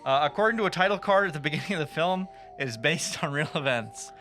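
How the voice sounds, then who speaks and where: A man's voice: on the high side, animated, quick pace, sharp tone, faint music behind. A man hosting a casual movie review podcast, chatty, laughing often and swearing freely. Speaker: podcast host.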